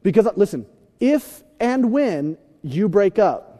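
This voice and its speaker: A man preaching a sermon in a joking, animated way, acting out little scenes. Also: high-pitched, unhurried. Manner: animated, joking, acts out voices. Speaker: pastor. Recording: reverberant hall.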